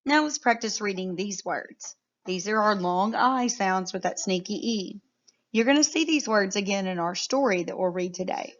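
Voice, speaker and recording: A woman teaching a phonics lesson to young children, sounding out words clearly and praising often. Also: mid-range voice, normal speed, highs cut off.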